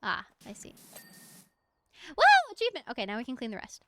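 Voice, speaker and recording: An American woman chats casually while streaming a game, rambling through stories and laughing often. Her medium-pitched voice is very fast and steady in tone, with vocal fry, and there is heavy background noise.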